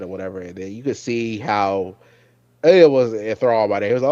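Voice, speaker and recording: Animated man chatting, dry dull sound. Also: fairly low pitch, moderate pace, dry recording. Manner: animated, acts out characters' lines in quoted asides; frequent fillers and restarts, exclaims loudly. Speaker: show host. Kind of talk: casual TV episode review chat.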